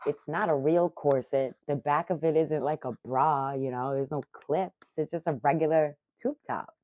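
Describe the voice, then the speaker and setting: A woman in her thirties telling a story casually to the camera as a vlogger, animated, profane and self-mocking. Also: low voice, normal speed, no echo. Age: 30s. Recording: muffled lo-fi audio.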